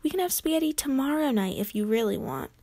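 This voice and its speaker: A woman's voice: high voice, expressive, mellow. A woman voicing a busy, distracted mother who is fussy and squeamish, in a storybook read-aloud. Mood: briskly distracted. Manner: brisk, fussy, shrieks at the mouse.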